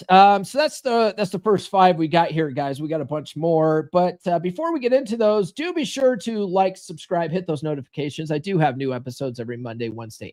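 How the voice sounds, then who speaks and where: A blunt male host on a live-stream advice show, with a high-pitched voice. He coaches his listeners directly and slips into quick impressions of the people he quotes. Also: a little mellow. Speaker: podcast host.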